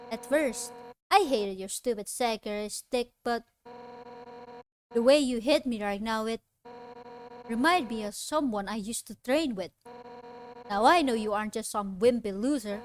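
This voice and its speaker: A woman's voice: fairly high pitch, slight background noise. A woman reading the lines of a brash, tough fish warrior woman aloud, blunt and boastful.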